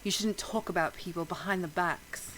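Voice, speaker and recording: A woman's voice: on the low side, moderate pace, a bit bright, low-quality recording. A woman player in a tabletop game, making dry, teasing quips. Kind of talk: casual tabletop play.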